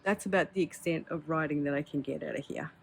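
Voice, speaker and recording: A woman's voice: low voice, fast talker, creaky, husky. A woman, chatting casually and candidly as she shows her pens, with filler words and small laughs. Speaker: pen hobby vlogger. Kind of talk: casual show-and-tell.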